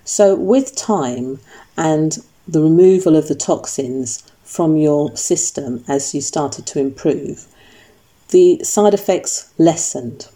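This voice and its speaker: A woman narrating her own story in a measured, reflective scripted voice-over. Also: low-pitched, lively intonation, dark tone. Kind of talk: scripted first-person narration.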